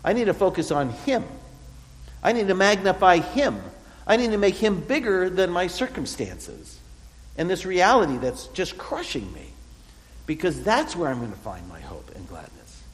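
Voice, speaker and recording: A man preaching a sermon, earnest and expressive, often speaking in the voice of the psalmist. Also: high-pitched, normal speed, in a large hall, poor audio.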